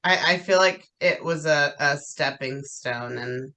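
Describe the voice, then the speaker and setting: A woman from the South with a slight twang, chatting casually as an interview guest, relaxed and wry, often trailing off. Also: low voice, measured pace. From American South. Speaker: podcast guest.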